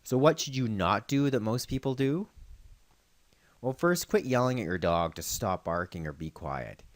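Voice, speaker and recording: A man working as a veterinarian host, explaining dog training in a calm, instructional way. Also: mid-range voice, normal speed, no room sound. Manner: calm instructional, calling dogs loudly and praising them. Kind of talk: scripted narration with outdoor demonstration.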